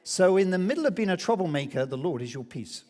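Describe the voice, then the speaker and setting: A man preaching a sermon as pastor, telling a story with lively acted-out quotes. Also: sits high, fast. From England. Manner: animated storytelling, acts out quoted voices. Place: church hall. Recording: long hall reverb.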